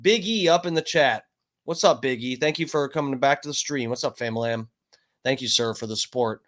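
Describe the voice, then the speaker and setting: A man's voice: mid-range voice, normal speed, a bit bright. A man hosting a casual livestream from home, rambling and swearing heatedly. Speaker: livestream host.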